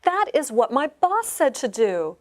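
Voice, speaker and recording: A woman's voice: high voice, big pitch swings, unhurried. An actress playing Anna, a cheerful young woman who is home sick, in a scripted dialogue for learners. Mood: upbeat.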